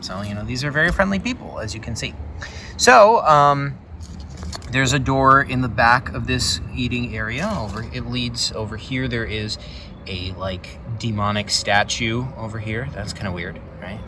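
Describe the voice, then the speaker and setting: A man's voice: medium pitch, normal speed, noisy background. A man casually walking through his paper game, rambling and filling his talk with "like" and "um". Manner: rambling, full of "like" and "um". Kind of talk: casual walkthrough. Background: background music.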